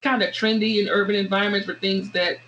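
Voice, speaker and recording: A woman with a Southern American accent chats as a podcast guest, thoughtful and halting, often circling back to restart her sentences. Her voice sits in a fairly low register for a woman, with a faint hum of background noise behind her. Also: steady tone, a bit bright, highs cut off. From Southern United States. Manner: reflective, halting, with frequent restarts. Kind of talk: casual podcast conversation.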